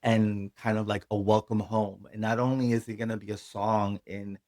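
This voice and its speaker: A man's voice: fairly low pitch, little pitch movement, normal speed, a little mellow, dry recording. A reverend, a man whose first language is Spanish, telling his own story in an interview, earnest and emotional, acting out his past words. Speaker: guest, reverend.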